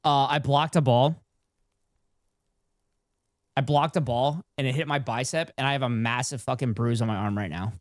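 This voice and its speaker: A man streaming a video game, chatting casually with his viewers in an excitable, profane way. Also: medium pitch, moderate pace, pauses often, no room sound, studio quality. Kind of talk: casual live-stream gameplay chat.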